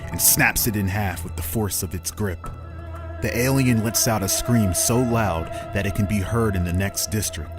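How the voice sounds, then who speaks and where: Man game master, low steady storyteller, music behind. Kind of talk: narrating a tabletop game. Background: background music.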